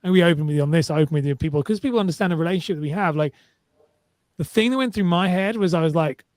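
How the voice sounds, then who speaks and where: A young man with a higher voice talks fast and sympathetically, stumbling over his words. The sound is close and dry, with no room around it. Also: darkish tone, no echo. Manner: quick, halting, sympathetic. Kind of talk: casual conversation.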